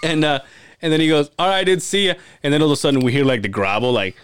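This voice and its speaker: A man co-hosting a podcast, telling stories in an animated, profane way and laughing often. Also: on the high side, quick pace, clean tone. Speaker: podcast co-host. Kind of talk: casual storytelling chat.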